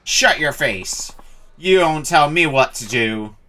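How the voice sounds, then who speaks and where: A man voicing a drunk, brash former baseball ace from a video game, folksy and quick to anger. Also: a little high, lively intonation, sharp tone, voice pushed up, heavily acted. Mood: angry. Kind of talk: reading game dialogue aloud.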